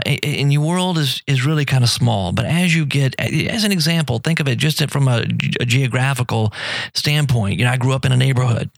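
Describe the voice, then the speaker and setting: Gravelly-voiced middle-aged male radio host. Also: medium pitch, no room sound. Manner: rambling, friendly, many fillers and restarts. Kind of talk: casual live radio talk. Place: radio studio.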